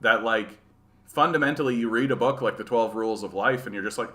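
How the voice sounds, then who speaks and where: A man from rural Manitoba hosting a casual livestream chat. His voice is bright and forward, and he rambles in loose, sarcastic asides, often ending his points with "right?". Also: mid-range voice, fast. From rural Manitoba, Canada. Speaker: livestream host. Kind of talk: casual livestream chat reading viewer comments.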